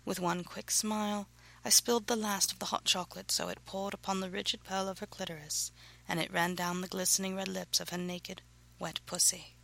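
A woman reading her own erotic novel aloud, narrating softly and breathily, often close to a whisper. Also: medium pitch, level tone, fairly quick, creaky, poor audio.

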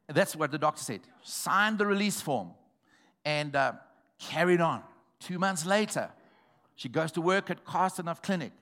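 A man preaching a sermon, telling a testimony in a storytelling way that builds to shouted exhortation. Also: on the high side, expressive, moderate pace.

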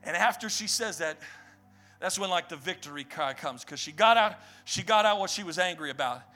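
A man delivers a fiery sermon, his voice strikingly high and bright. He drops low and soft, then climbs into shouted, repeating cries. Faint music plays beneath him in the church. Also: expressive, a little fast. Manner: passionate, building to shouts and repeated refrains. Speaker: pastor. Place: church sanctuary.

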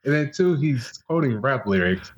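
A man's voice: mid-range voice, animated, normal speed, rough recording. A man co-hosting a casual podcast chat, blunt and ready to rant. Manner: blunt, ranting. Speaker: podcast co-host.

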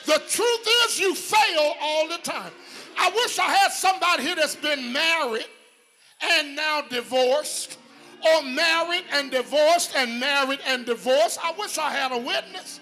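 Male preacher, very high and piercingly bright, sing-song whoop, shouted peaks, congregation call-outs. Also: unhurried, faint music behind. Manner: calls out to the congregation. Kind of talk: sermon.

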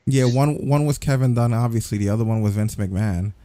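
A man's voice: mid-range voice, fairly quick, warm tone, no echo. A man co-hosting a casual podcast chat, telling loose, profane stories. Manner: loose, laughing storyteller, profane. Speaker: podcast co-host.

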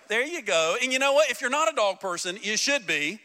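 A man pastor preaching a sermon, animated and joking, speaking directly to his congregation in a church. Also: high voice, brisk, hardly any pauses, a crowd in the background, background noise. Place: church sanctuary.

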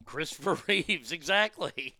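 A man's voice: a little high, expressive, unhurried, pushed and bright, no room sound. A man hosting a show, reading news aloud and mocking it with crude, profane jokes and laughter. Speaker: show host. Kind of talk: crude comedic commentary.

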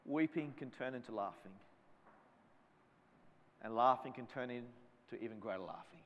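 A man's voice: medium pitch, normal speed, in a large hall, lo-fi sound. A man preaching a sermon as a pastor, fervent and driving, built around repeated refrains.

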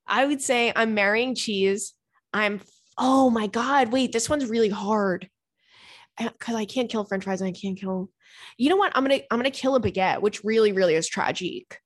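A young woman hosts a chatty podcast, reading listener stories and breaking into playful jokes and giggles. Her voice sits at a middling pitch. The recording is dry and close. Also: no echo. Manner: giggly and playful, jokey asides. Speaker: podcast host.

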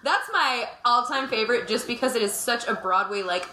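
A woman's voice: fairly high pitch, fairly quick, bright, forceful tone. A woman co-hosting a podcast in casual chat, who laughs often and breaks into song. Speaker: podcast co-host. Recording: echoey room with background noise.

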